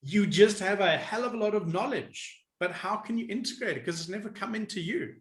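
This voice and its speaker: A man with a high voice speaks as a coach, lively and quick to laugh. He acts out inner voices as he explains his ideas. His voice rings with a roomy echo. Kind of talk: animated interview answers.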